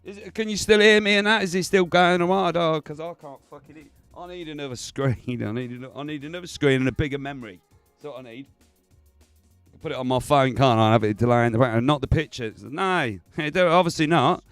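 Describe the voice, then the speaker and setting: A man's voice: on the high side, fairly quick, fairly bright tone, clear, resonant tone, faint music behind. A man hosting a casual livestream, chatty and swearing, laughing often. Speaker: livestream host. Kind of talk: casual stream chat.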